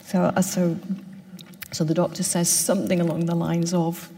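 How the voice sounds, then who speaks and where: A woman who is a palliative care consultant, telling stories from her work in a gentle, measured way. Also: fairly low pitch, flat delivery, big-room sound. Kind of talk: reflective storytelling interview.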